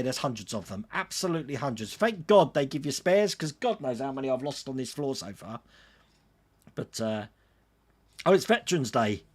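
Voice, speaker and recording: A man hosting a casual livestream, reading out viewer comments and answering them in a chatty way. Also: a little high. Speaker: livestream host answering chat.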